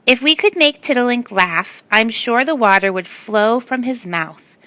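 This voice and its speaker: A woman voicing a small, eager male bandicoot with a squeaky voice in a storybook reading. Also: animated, a little slow, pushed and bright, no room sound.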